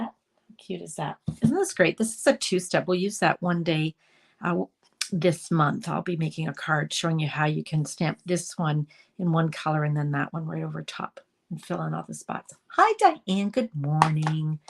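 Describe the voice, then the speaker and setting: A woman's voice: on the low side, creaky, slight background noise. A woman with a mild head cold, chatting through a live card-making demonstration and greeting viewers by name. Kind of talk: live craft demo chat.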